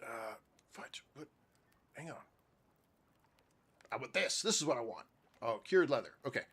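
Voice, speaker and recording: A middle-aged man streaming a game, telling a crude story in a loose, profane, excitable way. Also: mid-range voice, measured pace, slightly rough. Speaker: gaming streamer. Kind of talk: casual chat while gaming.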